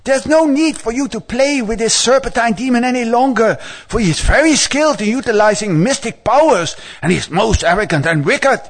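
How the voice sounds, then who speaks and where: A man's voice: high voice, slightly rough, pitched above the performer's own voice, full character voice. A man voicing an anxious, elderly male creator god, pleading earnestly and formally in a raised voice.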